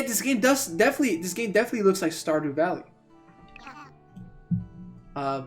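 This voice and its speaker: A man's voice: fairly high pitch, brisk, soft background music. Chatty rambling male game streamer. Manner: chatty and rambling, repeats words, excitable outbursts. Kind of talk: casual let's-play commentary.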